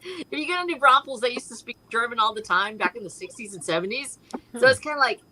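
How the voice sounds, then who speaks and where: A woman from Texas chatting casually on a group show, bubbly and quick to giggle. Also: on the high side, animated, bright, forceful tone, no echo. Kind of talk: casual chat.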